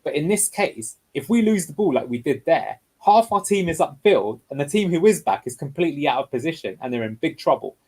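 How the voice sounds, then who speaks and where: A man's voice: a little high, expressive, a little fast, hardly any pauses, a little mellow, slightly rough, rough recording. A man working as a guest football analyst, explaining match footage step by step in a tactical video breakdown. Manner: explanatory, walks through clips step by step.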